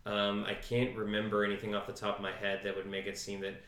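A man with a low-pitched but bright, forward voice recaps a story scene by scene on a podcast. He talks in a loose, easygoing way with plenty of ums, and the room echoes noticeably around him. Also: monotone, quick pace. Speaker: podcast co-host. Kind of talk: casual chat.

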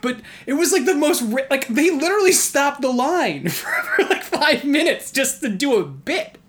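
A man from New York telling a story in casual chat, animated and laughing often, with many "like" fillers. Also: very high voice, normal speed. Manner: heavy use of "like" as filler.

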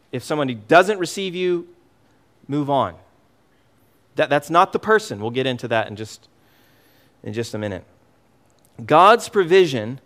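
A middle-aged man preaching a sermon as pastor, emphatic and animated, often repeating words as he goes. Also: a little high.

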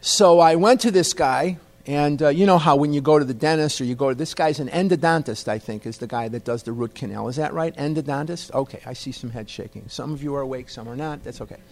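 Man, wry self-deprecating storyteller, slightly higher voice, conversational. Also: fast talker, gravelly, few pauses. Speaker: speaker at a recovery meeting. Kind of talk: humorous personal storytelling to an audience.

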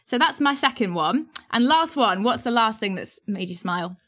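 A woman's voice: a little high, animated, normal speed, fairly bright tone. A woman hosting a podcast, upbeat and chatty, laughing easily. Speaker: podcast host. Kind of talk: casual chat.

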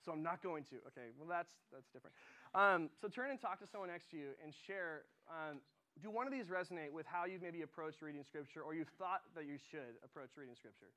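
A young man delivers a youth sermon in a loose, conversational style, stumbling over restarts and filling pauses with ums. His voice sits a little above the usual male range. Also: a little high, lively intonation, sharp tone. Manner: casual, conversational, many fillers. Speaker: high school director.

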